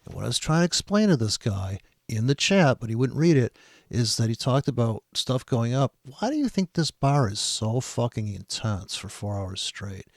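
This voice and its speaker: Male trading commentator, gravelly, exasperated, sarcastic and profane. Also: mid-range voice, very animated, normal speed, no echo, clean studio sound. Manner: exasperated, sarcastic, heavy swearing. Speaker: trading commentator reacting to a video.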